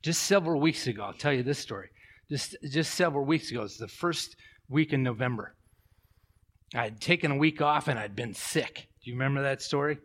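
A middle-aged male pastor preaching a sermon, telling stories with animated swings from loud to hushed. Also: medium pitch, brisk. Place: church.

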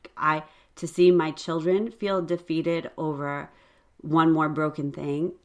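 Woman, podcast host, faith chat, earnest, conversational, slightly low pitch. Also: little pitch movement, unhurried. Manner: earnest, conversational with frequent fillers.

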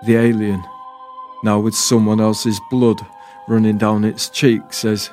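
A man tells a poetic spoken-word story, calm and deliberate with a wistful tone. He speaks very slowly in a lowish voice. Faint music plays underneath. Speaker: writer and performer, narrator.

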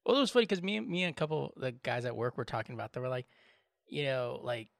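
A man co-hosting a podcast in casual chat, relaxed, laughing often and swearing freely. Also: mid-range voice, quick pace, gravelly, no echo, clean studio sound. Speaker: podcast co-host.

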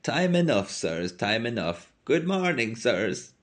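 A man voicing a humble old Irish milk woman who speaks slowly and deferentially. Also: mid-range voice, very animated, voice pushed up.

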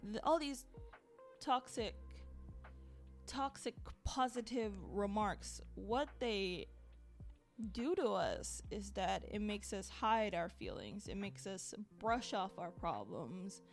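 A woman's voice: medium pitch, animated, slow pace, gravelly, soft background music. A woman hosting her podcast, ranting solo in an exasperated, sarcastic way and repeating words for emphasis. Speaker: podcast host. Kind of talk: solo diary-style rant.

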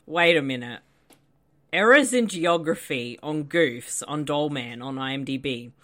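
Bright, unhurried woman trading quips. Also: low voice, animated. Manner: playful, teasing quips, laughs often. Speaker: podcast co-host. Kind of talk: casual movie commentary chat.

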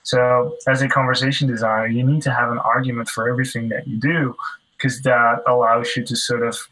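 Bright-voiced man explaining casually. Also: medium pitch, flat delivery, fairly quick, a little hiss or hum, low-quality recording. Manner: loose, filler-heavy explaining. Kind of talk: casual podcast discussion.

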